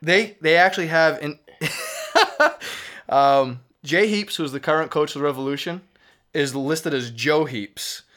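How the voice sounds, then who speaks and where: A man's voice: a little high, slow, fairly bright tone. A man with a Boston accent, co-hosting a soccer talk show and coaching youth soccer, chatting casually with lots of fillers and restarts. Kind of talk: casual sports chat.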